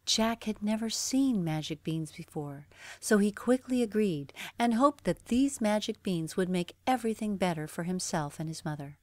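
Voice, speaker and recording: A woman reading a bedtime story aloud, gentle and even. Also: mid-range voice, normal speed, hardly any pauses, dry recording. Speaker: narrator.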